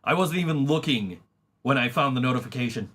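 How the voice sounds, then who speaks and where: A man's voice: mid-range voice, animated, a little fast, fairly bright tone. A man hosting a casual podcast, laughing often and swearing freely, with many restarts as he talks about his band. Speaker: podcast host and band member. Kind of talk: casual chat.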